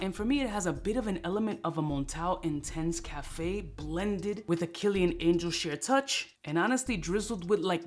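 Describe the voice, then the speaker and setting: A man hosting a casual fragrance review, talking in an animated, slangy, joking way. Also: high voice.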